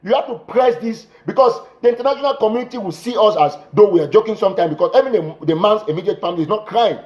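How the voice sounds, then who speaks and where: A man urgently addressing his audience in an impassioned livestream appeal, repeating himself and breaking into shouts, speaking into a phone. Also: high voice, fast talker, muffled recording. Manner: urgent, repetitive exhortations, bursts of shouting. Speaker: political commentator.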